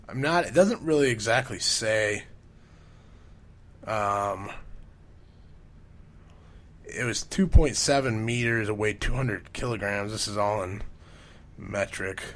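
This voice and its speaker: A man's voice: lowish voice, fairly bright tone. A man hosting a podcast, telling stories in a casual, rambling way and swearing constantly. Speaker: podcast host.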